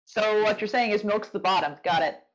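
A woman's voice: mid-range voice, fairly quick, rough recording. A woman hosting a casual podcast interview over a call, teasing her guest and reading questions from the chat. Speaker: podcast host.

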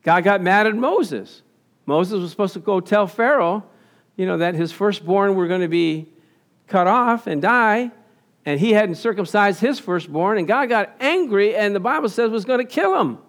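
Pastor, male, high-pitched, animated sermon delivery with frequent laughs. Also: moderate pace. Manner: animated, asks the congregation questions and answers them; laughs often. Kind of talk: sermon with slides.

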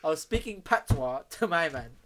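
A man's voice: a little high, moderate pace, a loud crowd. A man telling stories in casual chat, full of slang and swearing. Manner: animated storyteller, heavy street slang and swearing.

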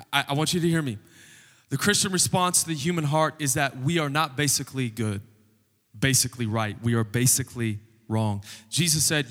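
A man's voice: mid-range voice, fairly bright tone, in a large hall. A man preaching a sermon as pastor, conversational and joking with the congregation. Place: church sanctuary.

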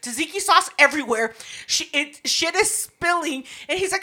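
A woman's voice: sits high, normal speed. A woman chiming in on a shared story in casual chat, laughing often and finishing the details. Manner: lively, laughing, jumps in to finish stories.

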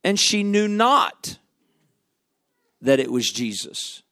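A man preaching a sermon, dramatic and full of rhetorical questions, dropping to a hush and then rising loud again. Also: high-pitched, very animated, takes it slowly, smooth, no echo, clean studio sound.

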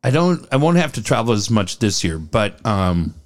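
A man's voice: on the low side, big pitch swings, moderate pace. A middle-aged man co-hosting a casual podcast, telling funny stories with lots of laughing, swearing and acted-out voices. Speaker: podcast co-host. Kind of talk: casual chat, storytelling.

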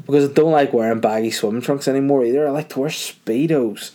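A man's voice: medium pitch, quick pace, warm tone. Man, middle-aged, crude rambling podcast monologue, self-mocking. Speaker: podcast host. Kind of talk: casual comedic monologue.

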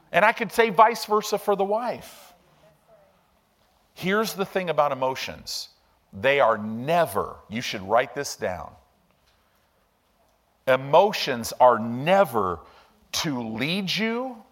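A man preaching a sermon as pastor, emotional and animated, speaking to a church congregation. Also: a little high. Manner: emotional, animated preaching with sudden loud rises. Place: church sanctuary.

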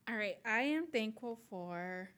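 A woman's voice: fairly high pitch, expressive, measured pace, a bit bright. A young woman, co-hosting a podcast in playful, teasing casual chat. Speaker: podcast co-host.

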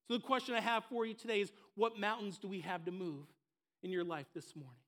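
Male pastor, high tenor voice, emphatic repetition. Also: steady tone, fast, fairly bright tone. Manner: building to impassioned, emphatic repetition. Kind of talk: sermon. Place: church service.

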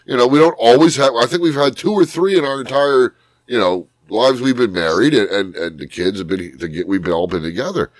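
A man's voice: medium pitch, brisk, no room sound. A man hosting a podcast, telling a story in casual chat with lots of laughter and swearing. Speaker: podcast host.

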